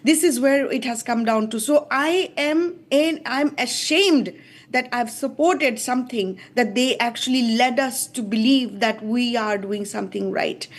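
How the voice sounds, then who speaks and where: A woman on a televised news debate panel speaks in a high voice, driving her argument with emphatic repetition. Her tone stays impassioned and insistent throughout. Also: unhurried.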